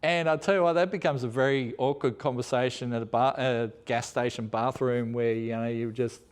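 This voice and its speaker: A rambling Australian man who talks casually about his trips abroad. His voice sits at a middling pitch, and his delivery is loose and conversational, with the odd laugh at his own stories. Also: fairly even intonation, brisk, smooth. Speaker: host. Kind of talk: casual chat.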